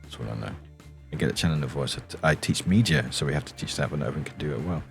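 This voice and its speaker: A British man streaming late at night with a deep, quiet morning voice, rambling and giggling as he answers his chat. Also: very fast, faint music behind.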